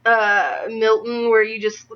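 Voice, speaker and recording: A woman's voice: on the high side, little pitch movement, slow pace. A young woman interviewing an actor, asking hesitant questions full of fillers. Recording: dull lo-fi recording.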